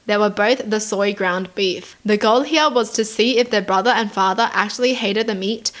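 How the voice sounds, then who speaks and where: A woman's voice: medium pitch, normal speed, fairly bright tone. A woman from Australia reading online stories aloud and reacting to them in a chatty, casual way, full of "like" and "dude". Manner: chatty, lots of "like" and "dude", giggly asides.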